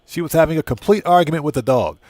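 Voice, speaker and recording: A man's voice: fairly high pitch, animated, fast, a little mellow, no echo. A man hosting a live gaming stream, chatting casually with viewers and laughing easily. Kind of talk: casual live-stream chat while playing.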